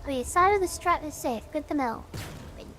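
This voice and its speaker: Goofy high-voiced vtuber woman. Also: lively intonation, normal speed, a bit bright, a little hiss or hum. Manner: goofy and self-mocking, hums and sings along while playing. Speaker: vtuber streamer. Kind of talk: casual gaming stream chat.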